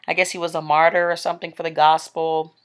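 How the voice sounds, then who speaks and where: A woman's voice: low voice, little pitch movement, fast talker, clean tone. A woman giving a casual, rambling spoken testimony about a vision, full of "like" and "um". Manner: chatty, rambling, with frequent "like" and "um". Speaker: Christian speaker telling a vision.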